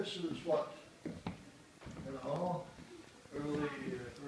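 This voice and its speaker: Gravelly-voiced man guiding a museum tour. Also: fairly high pitch. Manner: rambling, with many hesitations and restarts. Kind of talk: guided tour explanation. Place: museum exhibit room. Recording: echoey room, faint background noise.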